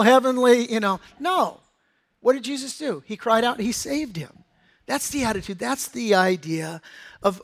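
A man's voice: high-pitched, fairly bright tone. A middle-aged pastor preaching a sermon in a conversational, story-telling way, acting out quotes from his family.

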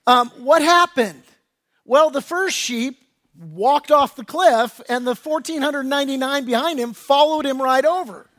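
A male pastor preaching a sermon in a folksy, conversational way, rising loud for emphasis and dropping low and quiet on solemn points. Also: a little slow. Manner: folksy, conversational preaching with animated swings in volume.

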